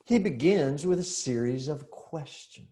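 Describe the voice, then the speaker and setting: In a seminar for real estate agents, a middle-aged man with a slightly high voice tells lively stories at an unhurried pace. He's an animated storyteller, acting out the dialogue and throwing rhetorical questions at the audience.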